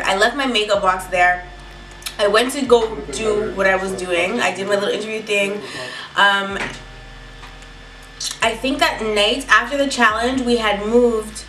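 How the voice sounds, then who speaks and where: A woman telling a story in a casual, animated and profane way. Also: medium pitch, a little hiss or hum. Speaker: beauty vlogger telling a story. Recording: echoey room, mic at a distance.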